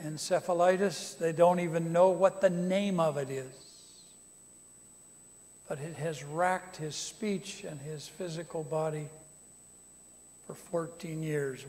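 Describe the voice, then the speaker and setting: A man preaching to a congregation, animated and rising to loud emphatic calls. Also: a little high. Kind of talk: sermon to a congregation. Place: conference center hall. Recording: long reverb of a large hall.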